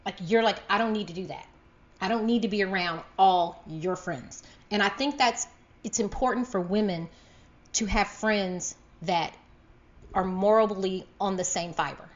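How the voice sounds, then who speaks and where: A woman co-hosting a podcast, chatting casually and animatedly, jumping into acted-out quotes and laughing often. Her voice sits at a middle pitch. The sound is slightly dull and lo-fi. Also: normal speed. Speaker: podcast co-host. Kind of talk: casual chat.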